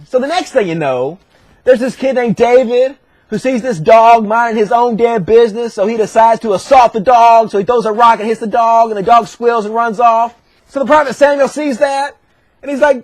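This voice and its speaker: A man retelling a story as crude, profane comedy, slipping into shouted character voices. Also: very high-pitched, fairly quick, no room sound. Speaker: comedic narrator.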